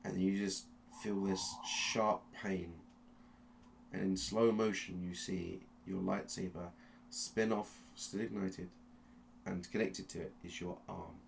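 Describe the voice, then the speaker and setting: Game master, male, deep and gravelly, slow suspenseful narration with restarts. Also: fairly even intonation. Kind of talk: dramatic second-person narration of a tabletop game.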